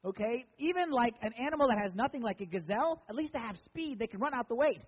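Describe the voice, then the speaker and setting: A man's voice: very high-pitched, animated, quick pace, husky, big-room sound, dull audio. A man preaching as a pastor, conversational and joking with emphatic lines. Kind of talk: sermon.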